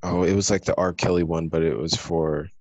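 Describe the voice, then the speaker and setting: A man co-hosting a podcast in casual chat, halting and searching for words. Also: low-pitched, steady tone, a little mellow, no room sound, lo-fi sound. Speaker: podcast co-host.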